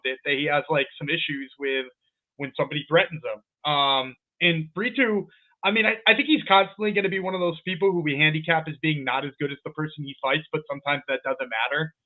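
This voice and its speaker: A male co-host with a slightly high voice, heard through a tinny, phone-like mic. He talks through picks and fights in a loose, rambling way and laughs often. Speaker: podcast co-host. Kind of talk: casual sports betting podcast chat.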